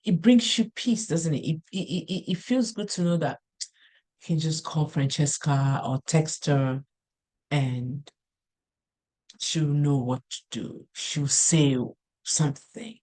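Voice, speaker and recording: Her voice is low with a dark tone as this middle-aged woman offers a laid-back motivational talk. She tells earnest stories at an unhurried pace, frequently backing up to restart.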